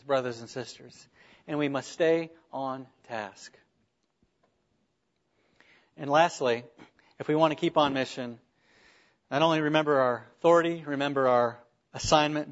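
A man's voice: fairly high pitch, lo-fi sound. A man preaching a sermon as a pastor, earnest, with rhetorical questions and small restarts.

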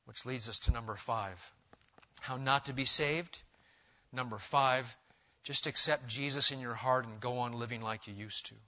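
A man preaching a sermon, swinging between loud, emphatic passages and quiet asides. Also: fairly high pitch. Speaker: pastor. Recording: dull, lo-fi sermon recording.

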